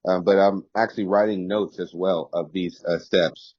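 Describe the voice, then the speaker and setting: A man's voice: deep voice, fairly even intonation, normal speed, slightly rough, no echo. A man in casual planning talk with a business partner, agreeable and upbeat, thinking aloud, heard over a video call. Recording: dry, dull call audio.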